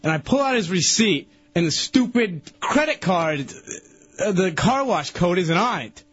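A man on a radio show telling a rambling, excitable story, restarting his sentences a lot. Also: high-pitched, a little slow, husky, dry recording. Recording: dull lo-fi radio broadcast.

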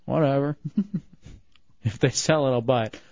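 A man's voice: mid-range voice, measured pace, darkish tone, dry recording. A male radio host bantering sarcastically with his co-hosts and teasing them. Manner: teasing, sarcastic, laughs often. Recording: dull lo-fi radio recording with faint music.

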